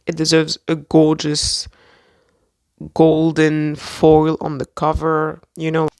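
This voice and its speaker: A book vlogger chatting casually and gushing excitedly about a secondhand book haul, rambling with lots of fillers. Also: mid-range voice, slow pace, clean tone, no echo, clean studio sound. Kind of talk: reading a poem aloud.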